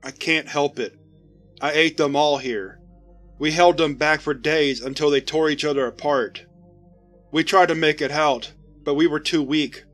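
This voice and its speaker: Casting: man doing a starving monster-man, slow and begging, fairly high voice, faint music under it. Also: steady tone, a bit bright. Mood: pleading. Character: starving, pleading monster-man soldier, apologetic.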